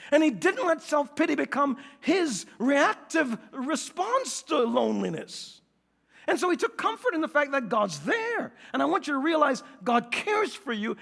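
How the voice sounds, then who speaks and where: A man with a New York accent preaching a sermon, animated and joking as he acts out scenes, slowing and softening for scripture. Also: very high-pitched, creaky, big-room sound. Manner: animated, acts out quotes and jokes, then slows and softens for scripture. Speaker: pastor.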